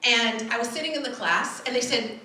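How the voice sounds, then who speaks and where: A woman delivers an animated keynote story in a bright, fairly high voice and acts out the voices she quotes. Her words echo strongly through a large hall, heard from a distance over faint room noise. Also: fairly quick. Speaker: keynote speaker. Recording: echoey hall from far off.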